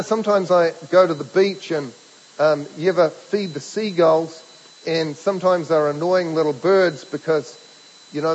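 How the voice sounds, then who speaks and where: A man preaching a sermon, emphatic, asking rhetorical questions and slowing down on key words. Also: sits high, darkish tone. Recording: dull lo-fi sermon recording with hall reverb.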